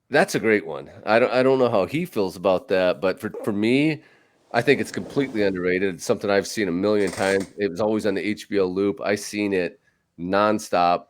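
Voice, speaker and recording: A man hosting a podcast, chatting casually and rambling with lots of fillers and restarts. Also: on the low side. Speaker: podcast host. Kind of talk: casual chat about movies.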